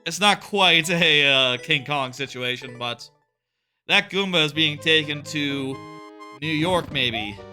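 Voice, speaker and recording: A man's voice: fairly high pitch, slow, pushed and bright, faint music behind. A man streaming a video game live, chatting casually and answering his viewers' questions as he plays. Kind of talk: casual live-stream chat while gaming.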